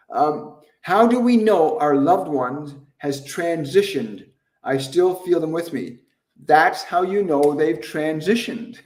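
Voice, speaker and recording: A man's voice: on the high side, darkish tone, roomy sound, distant mic. A man hosting a live question-and-answer stream as a medium, earnest and grateful, repeating himself and laughing often. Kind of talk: livestream talk.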